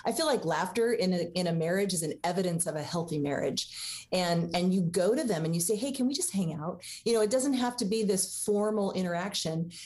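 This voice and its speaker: A woman's voice: lowish voice, a little fast, a little mellow. A woman guest author talking earnestly about marriage and faith in a radio interview. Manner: earnest, preaching tone.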